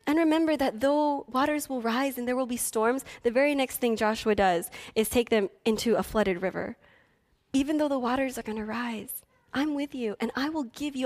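A young woman delivers a sermon as a youth pastor, her voice sitting a little high. She preaches with feeling, pushing some lines out loud and dropping others to a hushed near-whisper.

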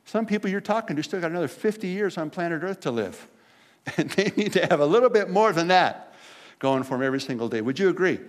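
A man's voice: a little high, fast talker. A man preaching a conversational sermon, telling stories and acting out the people in them. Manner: conversational preaching, animated storytelling with voiced quotes. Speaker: pastor.

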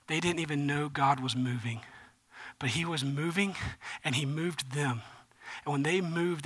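A male pastor preaching a sermon, moving between urgent, raised appeals and quiet, hushed storytelling. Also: a little high, no room sound.

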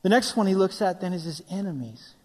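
A middle-aged man preaching a sermon, acting out quoted voices and swinging between loud, urgent passages and hushed near-whispers. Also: high-pitched, lively intonation, a little fast. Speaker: pastor. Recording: long reverb of a large hall.

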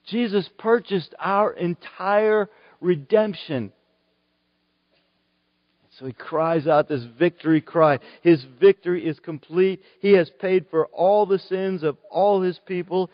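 A man's voice: sits high, no room sound, lo-fi sound. A man preaching a sermon, earnest and rising to emphatic declarations.

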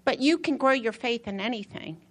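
A woman preacher giving a sermon with personal testimony, an animated storyteller who repeats phrases for emphasis and whose voice climbs high when excited. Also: brisk.

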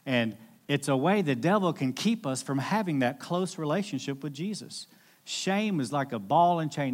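A man preaching a sermon as a pastor, telling a scripture story with lively acted-out voices. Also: on the high side.

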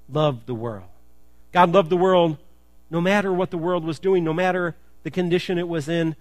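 A man's voice: fairly high pitch, dry recording. A male pastor preaching a sermon in church, chatty and joking, then building to emphatic repetition.

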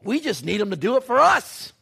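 A man acting out an ancient Israelite man who pleads loudly in long, drawn-out lines during a sermon. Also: extremely high pitch, very animated, creaky, husky, pitched above the performer's own voice, exaggerated voice. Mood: pleading.

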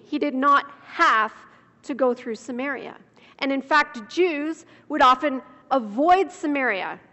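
A woman preaching a sermon, slow and measured, drawing out words for emphasis. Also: sits high, a bit bright. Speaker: speaker. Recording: dull sound with long hall reverb.

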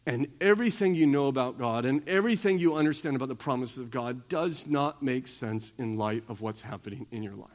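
A man preaching a sermon, swinging between loud emphatic stretches and quiet, intense ones. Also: mid-range voice. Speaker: pastor.

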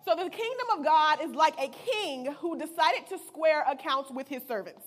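A woman's voice: high voice, expressive, brisk, hardly any pauses. A woman giving a casual, playful sermon, reading scripture and retelling it in slang. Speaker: preacher.

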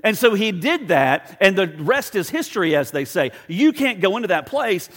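A man's voice: high voice, moderate pace, big-room sound. A male pastor preaching a sermon in a conversational, storytelling way, acting out quotes and asking the crowd for agreement. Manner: animated storytelling, acts out quotes.

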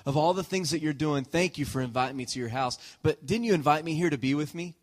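A male preacher speaking as a gentle, patient teacher reassuring a worried host. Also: on the high side, fast, lightly acted.

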